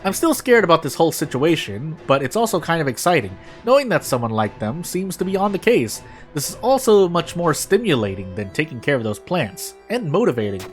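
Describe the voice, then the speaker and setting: A man voicing a lonely, anxious young woman office worker reading her own diary entries, with lively emphasis. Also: on the high side, a little fast, faint music behind. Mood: excited, uneasy.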